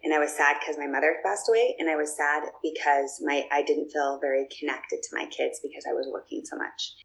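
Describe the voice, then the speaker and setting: A woman's voice: deep voice, fairly even intonation, brisk, gravelly, a little hiss or hum, low-quality recording. A woman guest telling personal stories in a casual, chatty way, with plenty of fillers and restarts. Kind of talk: casual storytelling.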